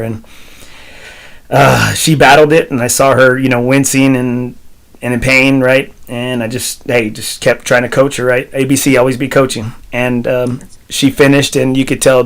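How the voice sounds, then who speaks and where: A middle-aged man hosting a casual golf podcast, telling stories in an animated way and often repeating "I said". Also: medium pitch. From South Texas. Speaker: podcast host.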